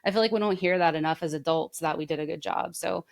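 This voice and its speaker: Low-voiced woman telling heartfelt stories. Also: fast talker, gravelly. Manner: rambling, heartfelt storytelling with many fillers. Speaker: podcast co-host. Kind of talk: casual chat.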